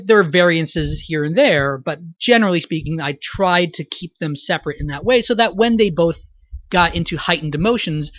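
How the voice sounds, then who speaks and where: A man giving a reflective audio commentary on his voice acting, explaining his choices thoughtfully with frequent pauses and fillers. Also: fairly high pitch, dry recording, lo-fi sound.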